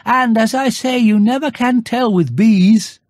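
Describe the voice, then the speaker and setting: A reader voicing Winnie the Pooh, a gentle, anxious, honey-loving teddy bear, talking in a slow, earnest, musing way. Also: medium pitch, no echo, studio quality, pitched above the performer's own voice, natural voice.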